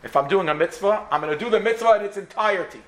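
A man voicing a sixty-five-year-old male doctor who talks in a raised, excited way. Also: sits high, fast, pitched above the performer's own voice. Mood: emphatic.

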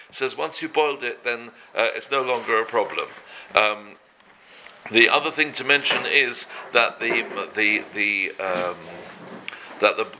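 A man teaching a daily religious law class, halting often and mixing Hebrew terms into his talk. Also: medium pitch, bright, forceful tone, a little hiss or hum, low-quality recording.

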